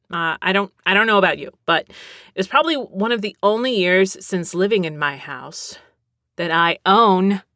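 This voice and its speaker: A young adult woman from Texas hosting a solo podcast, rambling with self-mocking asides, giggles and hushed whispered mutters. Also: on the low side, dry recording, studio quality. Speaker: podcast host.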